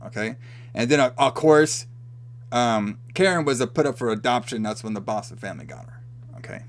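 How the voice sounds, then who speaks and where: A man's voice: mid-range voice, lively intonation, fairly quick. A man co-hosting a podcast, casually recapping a film and acting out the characters' lines with swearing and laughter. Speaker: podcast co-host. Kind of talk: casual movie recap chat.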